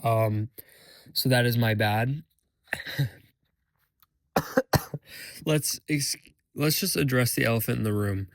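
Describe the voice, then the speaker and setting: A young man hosting a solo podcast while sick, hoarse and rambling in casual chat, full of fillers and self-deprecating asides. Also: mid-range voice, slow pace, pauses often, no room sound. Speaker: podcast host.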